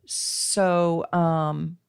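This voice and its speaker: A woman's voice: on the low side, flat delivery, drawn-out words, vocal fry, smooth, no echo, studio quality. A woman hosting a live astrology stream, teaching casually and chatting with viewers, with frequent ums.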